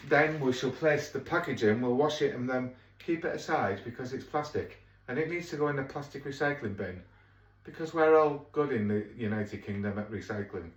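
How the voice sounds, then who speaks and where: Brisk and medium-pitched, a Yorkshire-accented home cook vlogger from Yorkshire, England, chats as he cooks, slipping into playful asides. The sound is lo-fi and noisy, with an echoey kitchen and a distant mic.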